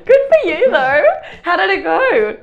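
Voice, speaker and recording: High, slow-talking woman, teasing. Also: very animated, highs cut off, over a noisy crowd. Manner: laughing, teasing interjections. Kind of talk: casual chat.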